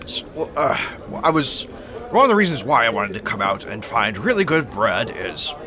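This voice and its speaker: A man's voice: sing-song, moderate pace, music in the background, lightly acted. A man voicing a theatrical, polite half-dragon man in improvised role-play, speaking grandly and formally. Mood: earnest. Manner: grandly formal, swoops between high and low.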